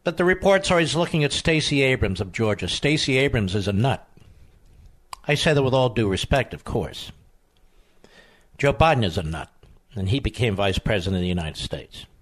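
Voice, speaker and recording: A man hosting a political talk radio show, combative and emphatic, with sudden high outbursts. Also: expressive, moderate pace.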